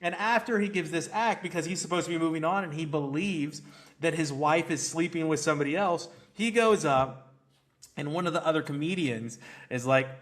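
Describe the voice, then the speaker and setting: A man co-hosting a movie review podcast in casual chat, animated and laughing often. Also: fairly high pitch, brisk. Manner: animated, laughs often, acts out scenes in quotes.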